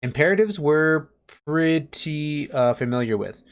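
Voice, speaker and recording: A man's voice: a little high, animated, unhurried, clear, resonant tone. A man teaching an online class on a video call, patiently explaining grammar with everyday examples.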